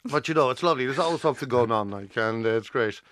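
Animated Irish man from Meath. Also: mid-range voice, fast, no echo, clean studio sound. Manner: animated, laughing storyteller. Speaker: comedian, radio guest. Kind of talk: casual radio chat. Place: radio studio.

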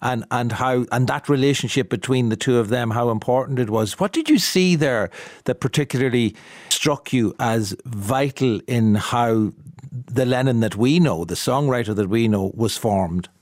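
A man hosting an interview who asks long, halting questions with many restarts. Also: medium pitch, dry recording, studio quality. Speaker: radio interviewer host.

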